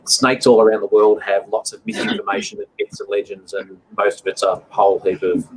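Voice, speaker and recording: An Australian man, a guest on a video call, chatting casually and explaining things in a relaxed way. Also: on the low side, fairly quick, a little hiss or hum, low-quality recording. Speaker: snake catcher guest.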